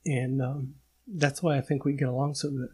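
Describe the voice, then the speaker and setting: Husky man, emotional and halting. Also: medium pitch, level tone, a little mellow. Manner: emotional, halting, many restarts. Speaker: podcast host. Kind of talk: casual podcast chat.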